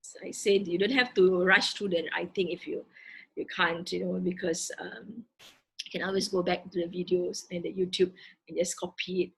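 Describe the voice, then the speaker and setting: A woman teaching a recorded grammar lesson, explaining terms word by word in a halting way with frequent fillers. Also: lowish voice, steady tone, creaky, slightly rough, poor audio. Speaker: Quranic Arabic teacher.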